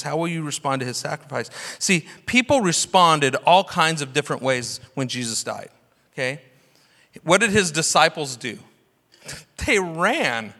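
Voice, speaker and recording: A man's voice: fairly high pitch, lively intonation, normal speed, pushed and bright. A man preaching a sermon as pastor, passionate and full of rhetorical questions. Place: church sanctuary. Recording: long hall reverb.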